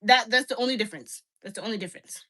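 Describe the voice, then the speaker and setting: A woman's voice: a little high, rapid-fire, a bit bright. A young woman ranting bluntly and profanely to her livestream chat, repeating herself and filling with "like". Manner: repeats herself, many "like" fillers.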